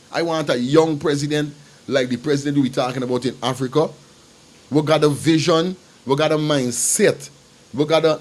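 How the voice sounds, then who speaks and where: Emphatic man hosting a livestream. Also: on the high side. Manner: emphatic and repetitive, talks straight to viewers. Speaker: livestream host. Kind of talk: casual commentary.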